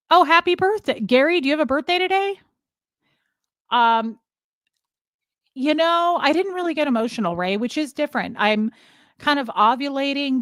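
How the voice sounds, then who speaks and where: A woman's voice: high voice, no room sound, clean studio sound. A woman hosting a casual livestream, rambling from topic to topic and greeting viewers by name. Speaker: livestream host. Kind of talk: casual live chat with viewers.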